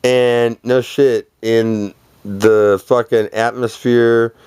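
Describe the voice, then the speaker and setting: A man's voice: medium pitch, little pitch movement, very slow, a little mellow, clean tone, no room sound. A man delivering a rambling, profane, boastful monologue, laughing between phrases.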